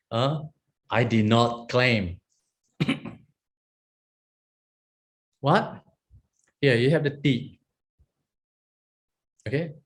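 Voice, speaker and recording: Man explaining Pali grammar step by step. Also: medium pitch. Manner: explains step by step, checks in with "huh?" and "okay?". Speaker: Pali teacher.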